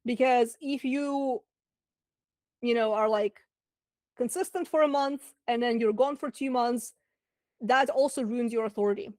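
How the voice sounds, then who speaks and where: A chatty woman with a Russian accent coaching a live online class, her voice sitting a little high. She talks loosely, with fillers and side remarks. The sound is dry and close, with no room around it. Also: a little slow, pauses often, darkish tone, dry recording. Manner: chatty, lots of fillers and asides. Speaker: business coach. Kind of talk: webinar masterclass talk.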